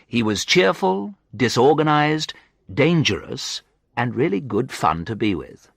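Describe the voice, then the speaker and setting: Slow, expressive male storyteller. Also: mid-range voice, dry recording, clean studio sound. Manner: slow, clear, expressive reading. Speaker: narrator. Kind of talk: storybook narration for English learners.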